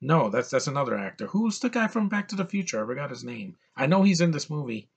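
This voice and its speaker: An eager man talks through a film review off the cuff. His voice sits a little high for a man, and he trips over his own words as his enthusiasm runs ahead of him. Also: big pitch swings, quick pace, slightly rough. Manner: rambling and enthusiastic, with frequent restarts. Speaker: movie reviewer. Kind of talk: casual spoken film review.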